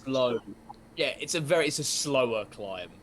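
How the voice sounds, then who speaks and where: A man's voice: medium pitch, expressive, moderate pace. Guy running a tabletop game, lots of ums, faint background hiss. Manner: hesitant, many ums. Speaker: game master.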